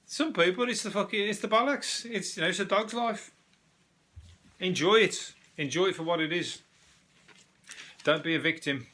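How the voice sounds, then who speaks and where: An English man hosting a solo comedy podcast, rambling through the news in a dry, deadpan way, swearing freely and restarting his sentences. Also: sits high, moderate pace, long pauses. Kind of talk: solo topical comedy rant.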